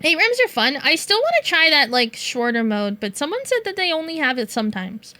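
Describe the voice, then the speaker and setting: A young woman streams and chats casually, venting animatedly to her viewers. Her voice sits high and bright. The sound is dry and close, with no room echo. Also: brisk. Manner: animated venting, swearing and laughing.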